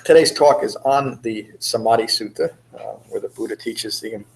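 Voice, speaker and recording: A man teaching meditation, giving a dharma talk in a relaxed, rambling way with many pauses and fillers, in a meditation center room. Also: on the low side, gravelly, rough recording. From United States.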